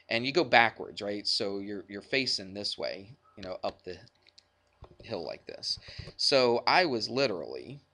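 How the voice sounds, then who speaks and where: A male math teacher talking to his class in a chatty, self-deprecating way. His voice is bright and forward, sitting at an ordinary middle pitch for a man. He mixes a personal story in with the lesson.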